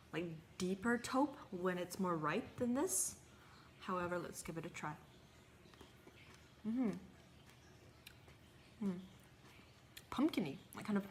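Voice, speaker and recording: A woman's voice: fairly low pitch, slight background noise. A woman casually vlogging a tomato taste test, chatty and a bit hesitant, sometimes talking with her mouth full. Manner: chatty, hesitant, talks while eating. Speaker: gardening vlogger. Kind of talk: casual tasting vlog.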